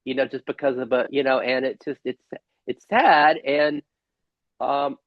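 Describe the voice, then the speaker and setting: A man hosting a casual spiritual conversation over a video call, earnest and halting, with many restarts. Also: mid-range voice, fairly even intonation, no echo, lo-fi sound. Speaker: host.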